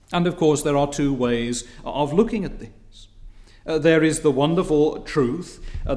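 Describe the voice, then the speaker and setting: A man preaching a sermon in a measured, repetitive cadence that builds in emphasis, with occasional hesitant fillers. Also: a little high, darkish tone.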